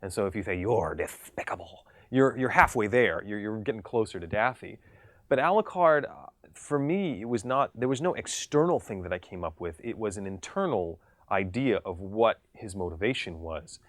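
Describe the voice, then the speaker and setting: A man's voice: lowish voice, lively intonation, dry recording. Articulate man with a mid-Atlantic accent. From United States. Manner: articulate, measured, slightly elevated diction. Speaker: voice actor. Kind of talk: interview.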